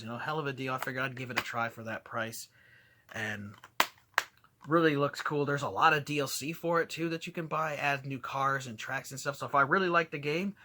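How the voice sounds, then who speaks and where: A man's voice: mid-range voice, sharp tone. A man casually showing off his recent video game finds in an enthusiastic, rambling way with plenty of fillers. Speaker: video game collector vlogger. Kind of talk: casual show-and-tell vlog.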